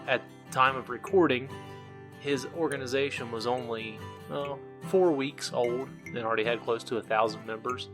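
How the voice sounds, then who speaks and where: A man with a Southern Ohio accent hosting a podcast, chatty and friendly, laughing often. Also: mid-range voice. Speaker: podcast host. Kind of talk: casual podcast interview.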